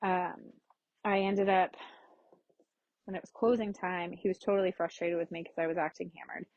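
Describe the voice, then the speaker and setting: A woman's voice: fairly low pitch, steady tone, moderate pace, a little mellow, dry recording, dull audio. Candid woman telling a personal story. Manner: candid, frank, swears casually. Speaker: podcast host.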